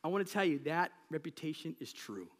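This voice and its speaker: A man preaching a sermon as pastor of a church, talking in a relaxed, conversational way and telling stories from everyday life. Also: on the high side, fairly quick. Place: church sanctuary. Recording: long reverb of a large hall.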